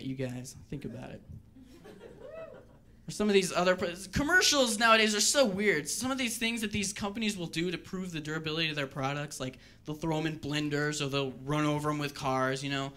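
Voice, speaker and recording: A man doing a stand-up routine on a club stage, wry and deadpan with rambling asides. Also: a little high, fairly quick. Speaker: stand-up comedian.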